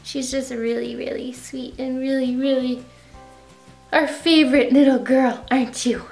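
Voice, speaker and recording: A woman's voice: steady tone, measured pace, vocal fry, darkish tone, echoey room, soft background music. Bubbly young woman vlogging at home. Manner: gushing, rises to high baby talk with the puppy. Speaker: beauty vlogger. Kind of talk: casual vlog chat. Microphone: camera with ring light.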